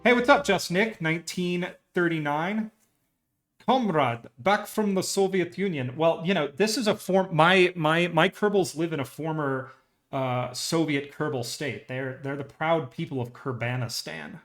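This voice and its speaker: A man's voice: a little high, normal speed, a bit bright. A young man casually commentating his gameplay live, chatting to viewers and cheering on his rocket aloud. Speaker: game streamer.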